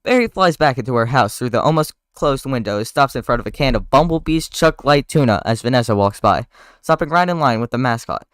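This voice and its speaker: A man's voice: mid-range voice, expressive, brisk, fairly bright tone, dry recording, clean studio sound. Casual man reading a script aloud. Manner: casual, stumbles over words. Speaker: streamer. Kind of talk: live reading of a movie script.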